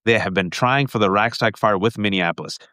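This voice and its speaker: A man hosting a political livestream, talking fast and emphatically, often repeating his points. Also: lowish voice, sharp tone, no room sound, clean studio sound.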